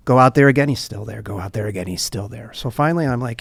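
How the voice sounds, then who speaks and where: A man's voice: mid-range voice, fast, gravelly, few pauses, no echo. A man, a nonprofit coffeehouse director, telling stories in a podcast interview and acting out the people in them. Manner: animated storyteller who acts out the people in his stories.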